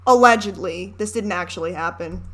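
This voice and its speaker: A woman's voice: lowish voice, a little fast, noisy background. A woman in her twenties giving candid, chatty commentary over a film, swearing and ranting as she goes. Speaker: reaction video host.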